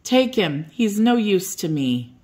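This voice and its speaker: A woman voicing a cruel male cart master who speaks in a gruff, dismissive way. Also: medium pitch, big pitch swings, slow, a little mellow. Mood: scornful.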